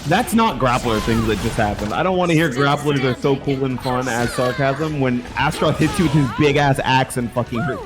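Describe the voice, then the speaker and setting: A man doing casual, jokey esports commentary on a fighting game tournament, excitable and full of swearing. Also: mid-range voice, fairly quick, few pauses, over loud music.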